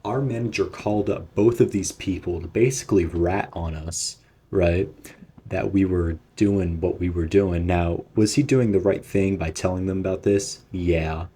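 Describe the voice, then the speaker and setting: A man's voice: low voice, moderate pace, warm tone, husky. A young man telling a storytime vlog in a casual, rambling, profane way. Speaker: vlogger.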